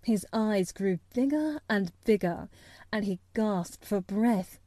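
A woman narrating a classic novel as an audiobook, in calm, measured storytelling close to the mic. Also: mid-range voice, dry recording.

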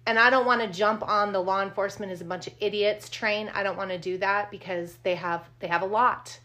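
A woman's voice: medium pitch, fairly even intonation, fairly quick, bright, forceful tone. A woman co-hosting a true crime podcast, talking casually, blunt and indignant, and swearing freely. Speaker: podcast co-host.

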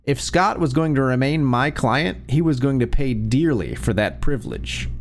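A man narrating an online revenge story in a scripted, expressive storytelling read. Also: medium pitch, normal speed. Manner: lively, expressive storytelling reading.

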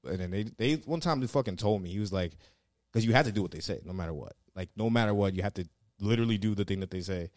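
A man's voice: fairly low pitch, fast talker, darkish tone, dry recording, studio quality. A man telling rambling, profanity-laced stories in casual chat, full of fillers. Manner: laid-back, swears a lot, lots of fillers. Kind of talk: casual storytelling.

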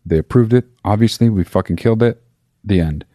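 A man's voice: fairly low pitch, fairly quick, dark tone, dry recording, clean studio sound. A man telling a comedic story in a rambling monologue, swearing freely and mocking himself, often stopping to correct himself. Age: adult. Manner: profane, sarcastic, rambling with self-interruptions.

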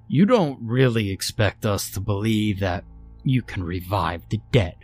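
A man's voice: on the low side, lively intonation, unhurried, a little mellow. A man voicing a skeptical councilman who scoffs with scornful disbelief. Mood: scoffing. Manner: scornful, incredulous.

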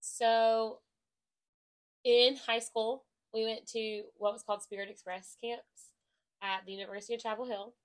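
A young woman in casual podcast chat, upbeat and chatty, leaning on "like" as she talks. Her voice sits a little higher than most women's. She laughs easily between thoughts. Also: flat delivery, unhurried. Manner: upbeat, chatty, many "like" fillers, laughs often. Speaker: podcast co-host and interviewee, cheer coach.

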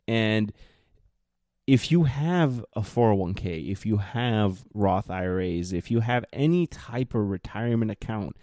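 A man's voice: lowish voice, animated, measured pace, dark tone, no echo, clean studio sound. A man in his thirties hosting a solo podcast, ranting bluntly with exasperated, mocking jabs. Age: 30s. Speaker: podcast host.

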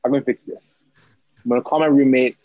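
A young man, an athletic trainer, telling a story about himself in animated bursts, stammering and acting out his own panicked lines. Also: medium pitch, quick pace, no echo, phone-quality sound.

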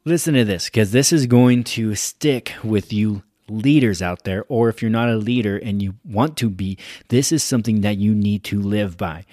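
A man's voice: fairly low pitch, moderate pace, few pauses, no echo, clean studio sound. A man hosting a motivational podcast, talking energetically and hyping up his listeners. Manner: energetic, hype, pumps up the listener. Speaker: podcast host.

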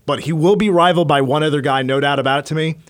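A man's voice: fairly high pitch, steady tone, very fast. A male sports radio host giving an emphatic player breakdown with stats. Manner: hyped, emphatic stat-driven player breakdown.

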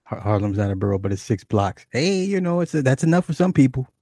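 A man's voice: medium pitch, sing-song, quick pace, mellow, dry recording, clean studio sound. A man hosting a livestream, chatting casually and in a rambling, profane way, reading viewers' comments aloud. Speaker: livestream host.

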